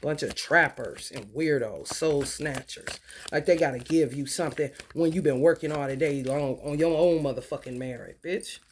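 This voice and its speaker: A woman in a profane, confrontational spiritual monologue, swinging between low mutters and loud outbursts. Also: moderate pace, a little hiss or hum. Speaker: vlogger.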